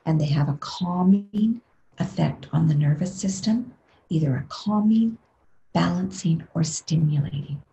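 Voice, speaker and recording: Soft-spoken woman with a very mellow voice. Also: lowish voice, muffled recording. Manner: gentle, soft, unhurried, slips into breathy whispers. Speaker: meditation instructor. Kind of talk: guided meditation webinar. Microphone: video call.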